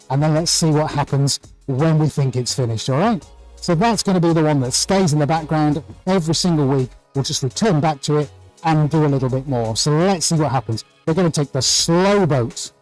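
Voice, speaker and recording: A man's voice: on the high side, a little mellow, poor audio. A man hosting a live painting tutorial from his art studio, chatting cheerfully and greeting viewers by name. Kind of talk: live-stream chat and demonstration.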